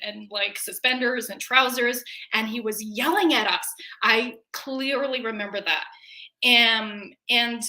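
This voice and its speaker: A woman in her forties telling a personal story in a casual, animated way, acting out her own scared reactions. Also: fairly high pitch, echoey room. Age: 40s. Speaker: webinar guest.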